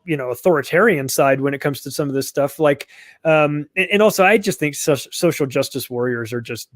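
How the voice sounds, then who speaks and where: A man's voice: a little high, brisk, no room sound, clean studio sound. A middle-aged man being interviewed as a guest author, talking bluntly and mockingly in a casual conversation. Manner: blunt, mocking, acts out sarcastic impressions.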